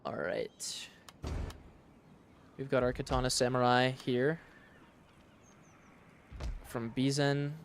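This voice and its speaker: Streamer, man, mid pitch; casual thinking-aloud game commentary, relaxed and matter-of-fact. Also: takes it slowly, long pauses, a little hiss or hum. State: sleepy, yawning. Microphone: studio dynamic mic.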